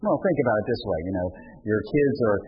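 A male pastor preaching a sermon, impassioned and rising in pitch and volume when he quotes pleading words. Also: sing-song, fast, highs cut off, a little hiss or hum.

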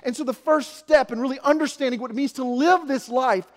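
A man in his forties from Arkansas, preaching a sermon with self-mocking stories, shifting from quiet asides to loud emphasis. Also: very high voice, fairly quick. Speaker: pastor. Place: church sanctuary. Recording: echoey hall.

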